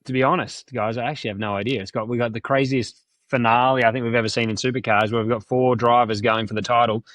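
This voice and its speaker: A man's voice: mid-range voice, steady tone, fast talker, fairly bright tone, no room sound. A man appearing as a racing-driver guest, easygoing and chatty. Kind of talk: guest interview.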